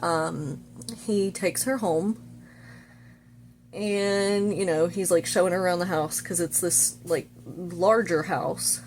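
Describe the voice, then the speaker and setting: A woman's voice: lowish voice, slight background noise. A woman casually recapping a movie plot while doing her makeup, talking in a chatty way full of "like" and "you know". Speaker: vlogger.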